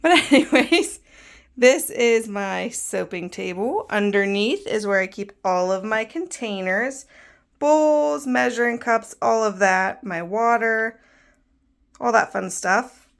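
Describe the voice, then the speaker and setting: A woman's voice: on the high side, takes it slowly, creaky. A woman in her thirties, a bit out of breath, chatting casually while she gives a tour of her home soap room and lists items with easy laughs. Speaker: soap maker giving a studio tour.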